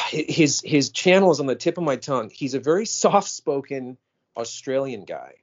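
A man co-hosting a casual chat about cult films, talking in an excitable way. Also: mid-range voice, normal speed. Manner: animated, excitable talker. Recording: dull lo-fi recording.

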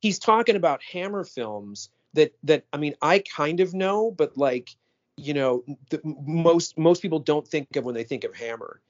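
A man co-hosting a casual chat about cult films, talking in an excitable way. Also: a little high, normal speed. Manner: animated, excitable talker. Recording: dull lo-fi recording.

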